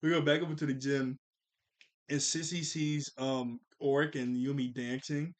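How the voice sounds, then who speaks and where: A man's voice: mid-range voice, steady tone, moderate pace. A man casually recapping a cartoon episode scene by scene, laughing often as he goes. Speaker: cartoon reviewer.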